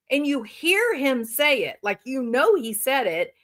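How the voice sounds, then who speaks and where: Woman on a livestream reacting, kinda high voice, sarcastic and emphatic, drags her words out. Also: very animated, fairly bright tone. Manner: emphatic and sarcastic, drawn-out phrasing. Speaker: livestream host. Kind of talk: reaction commentary.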